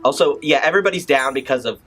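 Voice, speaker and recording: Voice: medium pitch, rapid-fire, fairly bright tone, soft background music. A video host commentating casually on a film, chatty and rambling, with many restarts and asides.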